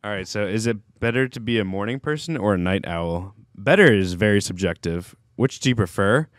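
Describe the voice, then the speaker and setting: Low-voiced laid-back man. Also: expressive, brisk, no echo, clean studio sound. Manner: laid-back, quotes himself in playful voices. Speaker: podcast co-host. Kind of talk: casual chat.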